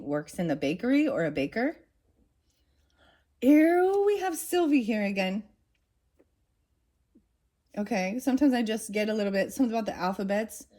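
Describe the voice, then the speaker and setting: Excitable lady doing a chatty tarot reading for viewers, mid-pitched voice. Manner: excitable, talks straight to viewers, bursts of laughter. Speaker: tarot reader. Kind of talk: casual tarot reading and reading aloud.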